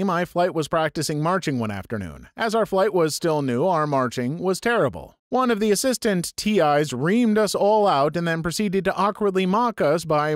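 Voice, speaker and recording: A man reads viewer stories aloud in a bouncy, lively voice that sits a little high. He slips in sarcastic asides as he goes, and the sound is close and dry. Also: no room sound. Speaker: story channel narrator. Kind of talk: reading online stories aloud.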